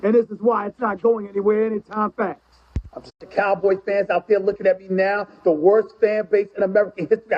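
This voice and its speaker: A man's voice: high-pitched, fairly even intonation, moderate pace. A man arguing in a heated sports debate on TV, mocking and taunting. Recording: lo-fi TV broadcast clip.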